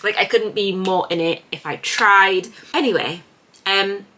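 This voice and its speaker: A woman chatting casually in a reading vlog, gushing with animated reactions. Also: mid-range voice, measured pace, a little hiss or hum. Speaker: book vlogger.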